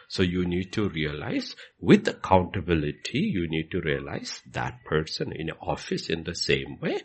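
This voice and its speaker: A man's voice: low voice, wildly swooping pitch, moderate pace, few pauses, breathy edge. A man answering questions as a pastor in a Q&A, repeating his points with emphasis. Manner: repetitive, emphatic, acts out quoted questions. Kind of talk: Q&A teaching.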